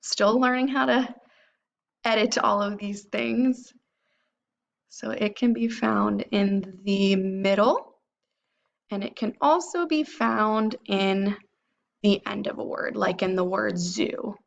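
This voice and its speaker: A young woman teacher leads a children's phonics lesson, stretching out each sound slowly and clearly. She talks at an ordinary middle pitch. The audio is a little dull, as if recorded on a computer microphone. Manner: slow, clear sounding out of word parts.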